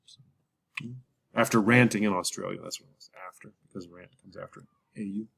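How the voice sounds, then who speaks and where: A man teaching English vocabulary in a casual lesson, slowly repeating each word and explaining its spelling. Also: on the low side, fairly even intonation, creaky, fairly bright tone, slightly rough. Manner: repeats words slowly, drawn-out pronunciation drills. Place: lives in Colombia.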